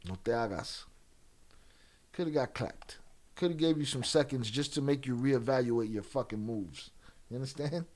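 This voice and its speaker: Here a man runs a livestream, joking around with viewers in a relaxed, foul-mouthed way. His mid-range voice moves at a moderate pace and carries a touch of mellowness.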